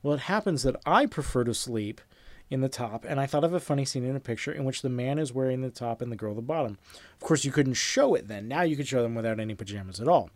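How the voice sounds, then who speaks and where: A man teaching a class, reading film anecdotes aloud in a lively storytelling manner and acting out little sound effects. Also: mid-range voice, fast talker, no room sound. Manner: animated storyteller, acts out sound effects, repeats himself. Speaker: screenwriting teacher.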